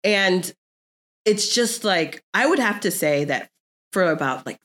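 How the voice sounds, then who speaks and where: A woman's voice: lowish voice, animated, a little slow, a bit bright. A young adult woman talking animatedly as a podcast guest. She laughs often and fills her talk with "like". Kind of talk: casual chat.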